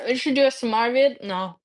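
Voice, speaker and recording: A woman streamer, a native Russian speaker, chatting casually with her viewers. Her voice sits a little high, and she rambles loosely, stumbling over words and restarting them. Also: moderate pace. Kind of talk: casual chat.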